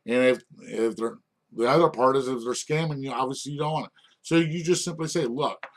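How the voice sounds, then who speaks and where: A man's voice: mid-range voice, steady tone, brisk, a little hiss or hum. A middle-aged man giving an informal lesson on restaurant management, rambling and checking in with "okay?" after most points. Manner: rambling, repeats "okay?" often, frequent restarts.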